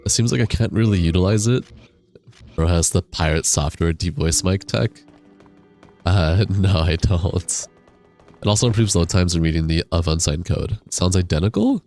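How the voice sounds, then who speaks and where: A man's voice: sits low, a little mellow. A man live-streaming a game on a desk microphone, chatting casually, reading chat aloud, laughing and swearing now and then. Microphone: desk USB microphone.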